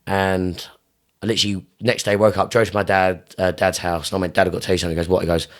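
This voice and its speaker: A young man with a low-pitched voice talks through a casual podcast interview as a fight coach. He swears freely and hammers home his points by repeating them, and his voice leaps higher and louder whenever the passion takes over. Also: little pitch movement, fast. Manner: intense and emphatic, heavy swearing, repeats phrases; voice jumps higher and louder when fired up. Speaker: gym owner and Muay Thai coach.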